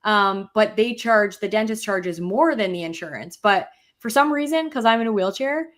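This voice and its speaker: Chatty woman co-hosting a podcast. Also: normal speed. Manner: animated storyteller, quotes herself in higher voice. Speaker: podcast co-host. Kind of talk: casual chat.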